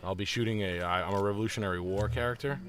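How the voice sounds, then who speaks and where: A man in casual chat, telling stories and putting on loud voices of other people. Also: on the low side, rapid-fire. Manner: animated storyteller doing loud voices of others. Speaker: co-host.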